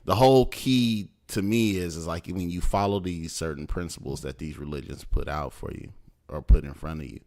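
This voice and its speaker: Low deep voiced guy co-hosting a podcast, easygoing, explains things step by step. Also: darkish tone. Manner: laid-back, explains slowly with lots of "right?" and "you know what I'm saying". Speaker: podcast co-host. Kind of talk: casual chat.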